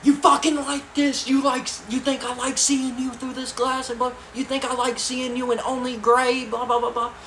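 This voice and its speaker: Man doing a shouting, heartbroken dad. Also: very high voice, level tone, normal speed, few pauses, a little hiss or hum, pitched above the performer's own voice. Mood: anguished. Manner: shouting, pleading, banging glass. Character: upset father scolding his son. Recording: echoey room.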